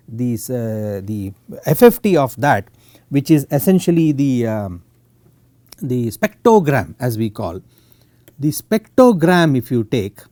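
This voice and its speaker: A man with an Indian English accent giving a technical university lecture, halting often with fillers and tag words. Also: sits high, mellow, no echo, clean studio sound. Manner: halting, full of "uh" and "okay" tags. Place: lecture recording.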